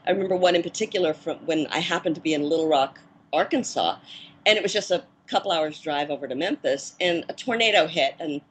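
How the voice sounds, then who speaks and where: A woman in her fifties, a former child actress turned film producer, recalling her career in a measured, reflective way with soft fillers. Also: deep voice, a little hiss or hum, poor audio. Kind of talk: interview reminiscence.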